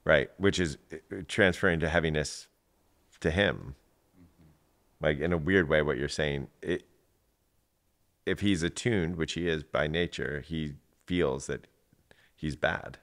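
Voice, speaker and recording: A middle-aged man, an executive coach and guest, telling stories in a lively, animated way and acting out other people's voices. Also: a little slow, pauses often. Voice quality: gravelly. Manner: animated, acts out voices in anecdotes with big pitch jumps. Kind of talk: conversational storytelling.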